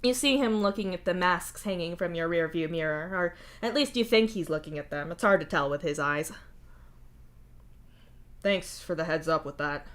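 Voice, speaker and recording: A woman reading fan fiction aloud in a steady, wry second-person narration. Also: lowish voice, a little fast, hardly any pauses. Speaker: fanfic reader.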